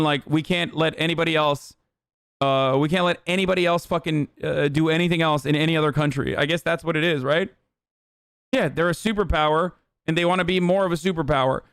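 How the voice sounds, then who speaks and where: A man in his thirties streams casual, profane political commentary, reacting to news as he rants heatedly and sarcastically at a desk microphone. His voice is a little high, fast, fairly bright, clear and resonant. The studio-quality recording has no room sound.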